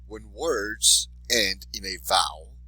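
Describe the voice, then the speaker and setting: A man teaching a Spanish class to students, giving encouraging instructions and saying each example word twice, slowly and with clear stress. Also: fairly low pitch, sharp tone, no room sound, rough recording. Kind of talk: recorded class lesson for students.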